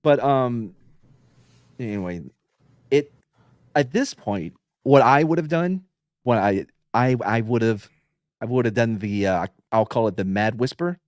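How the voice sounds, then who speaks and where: A man chatting on a casual podcast, telling stories about police work, sometimes dropping to a low, calm voice to show how he'd talk someone down. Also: unhurried, long pauses, no room sound, clean studio sound. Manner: relaxed storytelling, drops tone to mimic calm talk, swears freely. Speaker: podcast co-host, former police officer.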